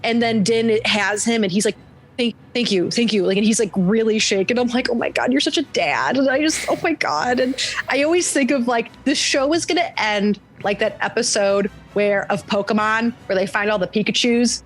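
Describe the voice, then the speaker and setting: Speaking at a moderate pace in a fairly high voice, this young podcast guest tells lively stories in casual chat, acting out what people said and laughing along.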